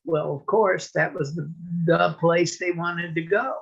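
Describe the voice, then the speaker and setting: A woman's voice: fairly low pitch, measured pace, vocal fry, slightly rough, lo-fi sound. A woman storyteller telling a folksy tale at a story swap, raising her voice to act out the characters. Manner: folksy, lively teller who acts out the snakes with a raised voice. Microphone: video call.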